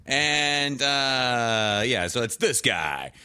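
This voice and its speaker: A man's voice: mid-range voice, sing-song, extremely slow, bright, forceful tone, clean tone, no room sound. A man casually recapping a TV show on a podcast, rambling, swearing and laughing often. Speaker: podcast co-host.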